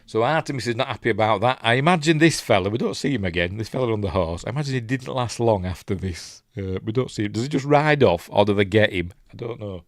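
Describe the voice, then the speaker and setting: A man's voice: on the low side, animated, fast, hardly any pauses, no room sound, clean studio sound. A man with a Yorkshire accent, hosting a casual film breakdown and reading out live chat in a chatty, rambling way that often loses its place. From Yorkshire, England. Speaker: host, film reviewer.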